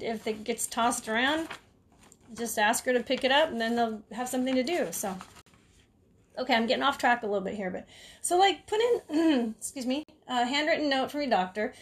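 Casting note: a chatty woman caregiver with a fairly high voice, telling stories casually. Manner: chatty, frequent fillers and asides. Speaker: caregiver sharing advice. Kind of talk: casual storytelling talk.

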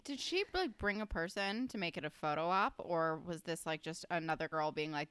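A woman's voice: lowish voice, expressive, moderate pace, fairly bright tone, smooth, dry recording. A woman co-hosting a podcast, adding wry remarks while she and her friend recap an episode. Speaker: podcast co-host. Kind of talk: casual recap chat.

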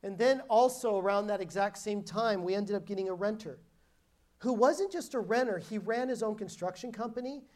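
A woman's voice: mid-range voice, normal speed, a little mellow. Woman preacher, mid-range voice, emphatic storytelling sermon, frequent restarts. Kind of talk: sermon with personal testimony.

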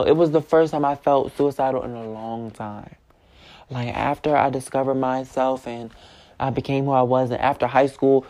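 A woman's voice: very deep voice, mellow. A young woman in her twenties, a podcaster, tells a personal story in a blunt, profane, emphatic way and repeats phrases for force.

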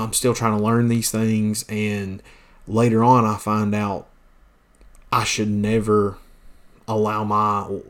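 A man telling a personal story on his podcast, blunt and plainspoken, with many fillers and restarts. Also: fairly low pitch. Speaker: podcast host, pastor.

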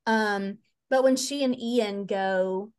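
A woman's voice: medium pitch, slow pace, a little mellow, smooth. A woman co-hosting a casual podcast chat, gushing as she retells scenes. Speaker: podcast co-host.

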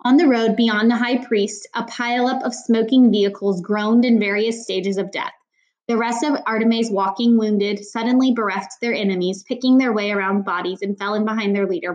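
A woman's voice: medium pitch, steady tone, moderate pace. Woman reading a novel aloud. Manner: plain reading with casual asides and small slips. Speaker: audiobook reader.

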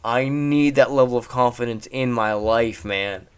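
Young man, casual movie recap, rambling, animated, mid-range voice. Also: medium pitch, unhurried, clean tone. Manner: rambling, animated, laughs at jokes.

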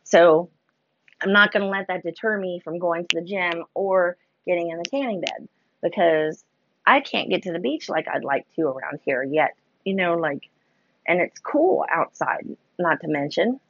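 A woman's voice: on the low side, lively intonation, normal speed, a little hiss or hum. A woman telling a rambling, self-deprecating story in a casual vlog, full of "like" and "you know", on a dull lo-fi recording. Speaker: vlogger.

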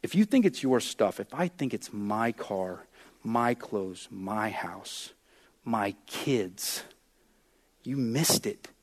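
A man preaching a sermon as pastor, impassioned, with big swings in pitch and loudness as he acts out prayers and scripture. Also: lively intonation, slow pace.

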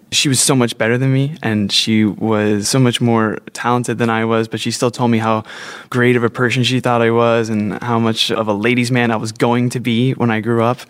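A man's voice: mid-range voice, dry recording. A man telling a personal story, candid and self-deprecating, chuckling now and then.

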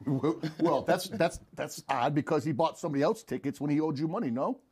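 A man's voice: on the high side, fairly quick, darkish tone, breathy edge. A man playing a lawyer in an improvised mock courtroom comedy, crude and mocking, questioning with theatrical flair.

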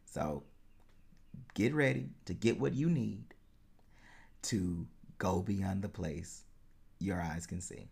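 A man's voice: sits low, slow pace, gravelly, pauses often, a little mellow, slightly rough. A man hosting a solo podcast as a life coach, talking in an earnest, encouraging way and laughing easily.

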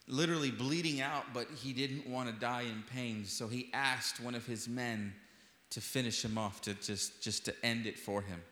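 A man's voice: mid-range voice, pushed and bright. A man preaching an impassioned sermon as pastor, repeating phrases for emphasis. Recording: echoey hall with long reverb.

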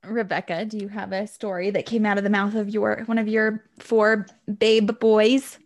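A woman's voice: mid-range voice, little pitch movement, moderate pace. A woman in her thirties hosting a podcast, chatting casually and giggling along with her guests. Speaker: podcast host. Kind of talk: casual chat.

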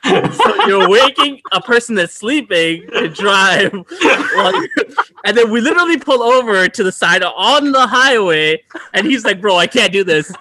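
Bright-voiced man telling a story. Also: high voice, unhurried, slight background noise. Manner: animated, laughing while telling stories. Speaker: podcast co-host. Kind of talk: casual storytelling among friends.

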